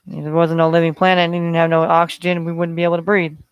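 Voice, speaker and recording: A man's voice: fairly high pitch, monotone, fast, clean tone, dry recording, dull audio. A man hosting a solo sports betting podcast, talking in a rambling way with many fillers. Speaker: podcast host.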